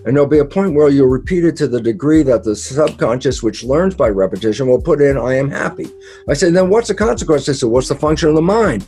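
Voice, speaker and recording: Male interview guest with a mellow, mid-pitched voice. Lively storyteller who acts out his own quotes, over faint background music. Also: fast. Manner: emphatic and repetitive, with occasional laughs and mild swearing. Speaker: guest speaker, biologist. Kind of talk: conversational explanation in an interview.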